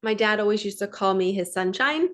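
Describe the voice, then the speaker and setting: A woman's voice: mid-range voice, lively intonation, a little fast, a bit bright. A woman in her thirties, a spiritual coach, talking casually and earnestly, stressing and repeating short phrases. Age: 30s. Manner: earnest, emphatic, repeats mantras. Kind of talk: casual inspirational monologue.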